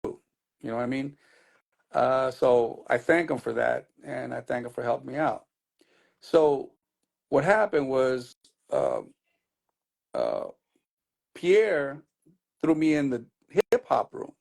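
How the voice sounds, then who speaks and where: A man's voice: medium pitch, sing-song, slow pace, gravelly, long pauses, darkish tone. A middle-aged man, a DJ being interviewed, telling his story in a loose, rambling way with many restarts. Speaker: DJ guest.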